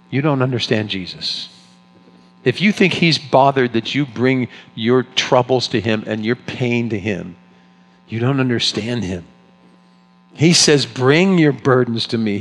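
Preaching man in a reverberant hall. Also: medium pitch. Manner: swings between loud exclamations and hushed, tender asides. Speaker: pastor. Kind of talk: sermon. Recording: long reverb of a large hall.

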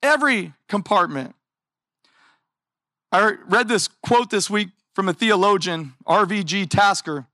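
A man preaching a sermon in an animated, conversational way, full of rhetorical questions. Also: high voice, unhurried, no room sound, clean studio sound. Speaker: pastor.

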